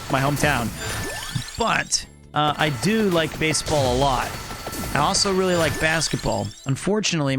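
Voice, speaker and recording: A fairly high-pitched man talks through his gameplay in a loose, joking, rambling way. Clear game music plays under his voice the whole time. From Kansas City, US. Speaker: streamer. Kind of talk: casual gameplay commentary.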